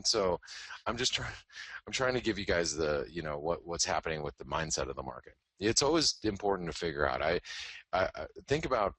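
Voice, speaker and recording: A man with a deep, somewhat bright voice hosts a live trading show as a trading educator. His market commentary is candid, joking and self-deprecating, packed with "you know" fillers, and the recording has no room sound.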